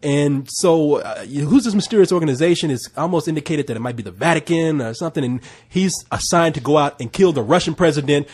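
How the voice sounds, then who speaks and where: Podcast host, man, husky and slightly high, laid-back and profane. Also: expressive, a little fast, few pauses, a little mellow. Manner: profane, laid-back joking, stops to steer the talk. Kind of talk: casual movie review banter.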